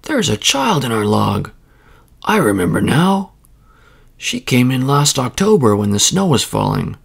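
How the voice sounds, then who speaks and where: A warm-hearted mother bear from a bedtime story, voiced by a man reading aloud, patient and kind. Her voice is soft and gravelly, and she talks slowly and gently. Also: medium pitch, very animated, full character voice. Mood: gentle, motherly.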